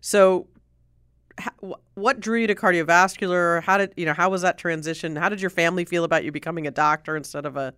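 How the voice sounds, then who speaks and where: A man's voice: sits high, steady tone, quick pace, bright, forceful tone, clear, resonant tone, no room sound, clean studio sound. A man hosting a podcast interview, asking questions with teasing jokes. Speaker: podcast host.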